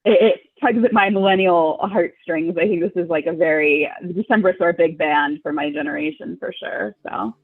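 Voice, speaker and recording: A young woman from Southern California joins the chat over a thin, phone-like line. Her voice has a gravelly fry, and she wanders through her thoughts with plenty of "like" and "um", casual and unhurried. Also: lowish voice. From Long Beach, California. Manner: rambling, hesitant, full of "like" and "um". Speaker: podcast guest. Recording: phone-like remote call line.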